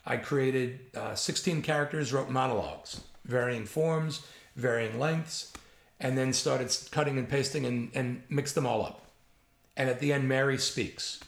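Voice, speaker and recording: Sixties New York writer, gravelly, spins lively anecdotes in an echoey room. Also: male voice, mid-range voice, unhurried. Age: 60s. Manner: animated anecdotal storyteller, gravelly. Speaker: guest, writer. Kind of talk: storytelling interview. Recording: roomy echo.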